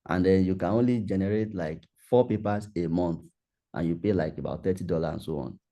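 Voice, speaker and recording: Deep-voiced man leading a workshop. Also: fairly quick, warm tone. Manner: conversational, repetitive, loose phrasing. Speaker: workshop facilitator. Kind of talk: online workshop talk and Q&A.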